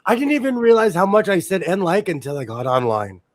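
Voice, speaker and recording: A male host in casual chat, talking in an animated way and laughing often. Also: high-pitched, a little fast.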